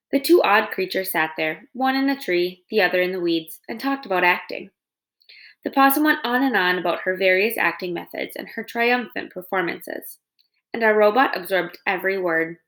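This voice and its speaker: A woman's voice: medium pitch, moderate pace, fairly bright tone. A woman reading a children's novel aloud in installments, telling the story expressively. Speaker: reader.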